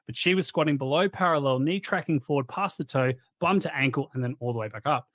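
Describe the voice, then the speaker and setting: A man in his thirties hosting a podcast, telling casual, animated, slangy stories. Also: on the high side, fast, no room sound. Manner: chatty, animated, slangy anecdotes. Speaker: podcast host.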